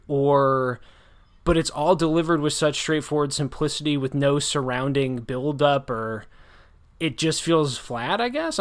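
A man's voice: fairly high pitch, fairly bright tone. A man hosting a casual book discussion, talking in a critical, rambling way full of restarts and hedges. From United States. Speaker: podcast host discussing a book.

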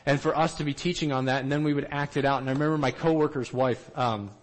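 A man giving a storytelling talk to trainees, animated, and he acts out the quotes himself. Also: medium pitch, fast, rough recording. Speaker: missionary trainer.

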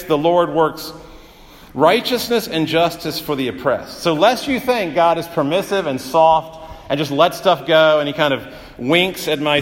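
A man's voice: fairly high pitch, big-room sound. A man preaching a sermon as pastor, in a conversational way with frequent "uh" fillers and vivid everyday examples.

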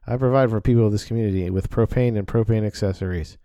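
A man plays a stern middle-aged propane salesman and father in an animated sitcom. He is gruff, indignant and blunt, with a lowish, very dark and mellow voice. The recording is close and dry. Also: quick pace, no room sound, lightly acted. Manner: gruff, indignant, plain-spoken.

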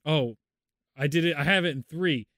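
Laughing, animated male podcast co-host. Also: fairly high pitch, normal speed, dry recording, clean studio sound. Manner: animated, laughs often, rambling. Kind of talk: casual chat.

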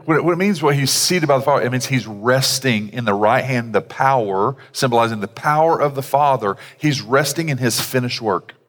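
A man's voice: medium pitch, brisk, few pauses, a bit bright. A man, a pastor, preaching a sermon in a conversational way with casual asides. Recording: long hall reverb.

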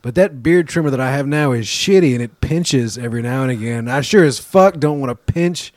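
A man's voice: medium pitch, fairly quick, a little mellow, no echo. Swearing man, dry close sound. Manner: rambling, swears freely, laughs at his own jokes. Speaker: podcast co-host. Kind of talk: casual chat.

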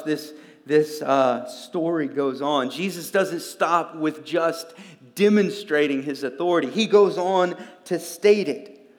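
A man preaching a sermon as pastor, swinging from quiet, low asides to loud, emphatic peaks. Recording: long reverb of a large hall.

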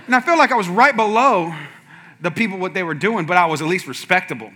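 A man preaching as a pastor, telling a funny personal story in a lively way and acting out the other people in it with sudden shouts. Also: sits high, fast, a little hiss or hum. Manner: animated, acts out quotes with sudden shouts. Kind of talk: humorous sermon storytelling.

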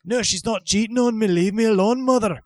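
A man's voice: high-pitched, fairly quick, no echo, pitched above the performer's own voice, natural voice. A man doing an exasperated grown son.

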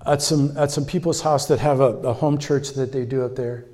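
An American man from California preaching a sermon as a visiting speaker, telling stories in an encouraging, animated way and repeating key phrases. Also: mid-range voice, moderate pace, a little hiss or hum.

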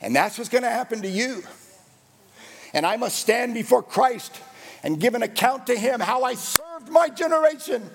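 A man preaching with a high, gravelly voice. He hammers home short lines in an emphatic, repeating cadence. His voice rings out with a long reverb. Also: animated, normal speed. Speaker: pastor. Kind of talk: sermon.

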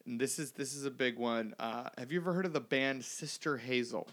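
A man's voice: medium pitch, fairly bright tone. A man hosting a podcast in a studio, chatting casually with guests and cracking teasing jokes. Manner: joking, teasing, quick asides. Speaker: podcast host.

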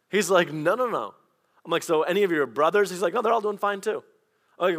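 Man, pastor, sermon, conversational storytelling, somewhat high pitch. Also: expressive, quick pace, fairly bright tone.

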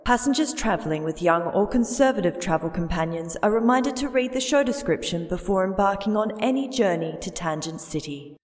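A woman's voice: medium pitch, animated, fairly quick, hardly any pauses. A woman giving a mock train announcement in a formal announcer delivery. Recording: long hall reverb.

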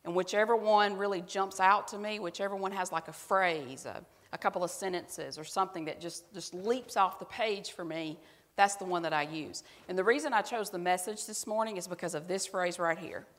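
A woman's voice: lowish voice, fairly quick, big-room sound. Self-mocking woman pastor preaching to a congregation. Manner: conversational and self-mocking, talks directly to the congregation. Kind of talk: sermon.

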